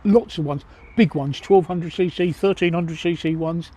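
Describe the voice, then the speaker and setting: A man's voice: on the high side, normal speed, dark tone. An older English man livestreaming from his phone outdoors by a pub, answering viewers' chat in a blunt, joking, matter-of-fact way. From England. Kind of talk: casual chat Q&A. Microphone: cell phone.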